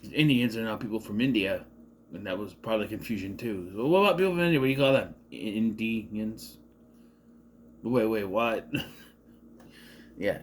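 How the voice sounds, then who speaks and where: A man's voice: lowish voice, expressive, fairly quick, slight background noise. A man giving a casual, rambling movie commentary, sarcastic and often cutting himself off. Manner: rambling, sarcastic, self-interrupting. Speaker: movie reviewer.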